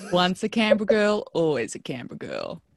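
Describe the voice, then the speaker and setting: Lower-voiced woman hosting. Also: wildly swooping pitch, fairly quick, a little hiss or hum. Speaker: podcast host. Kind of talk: conversational interview.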